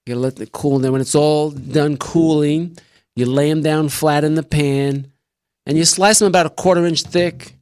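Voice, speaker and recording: A man's voice: fairly high pitch, fairly even intonation, normal speed, a little mellow, no echo, clean studio sound. Rambling jokey man hosting a live stream. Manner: rambling, jokey, talks with mouth full. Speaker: show host. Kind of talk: casual live-stream cooking chat. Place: small room at a desk.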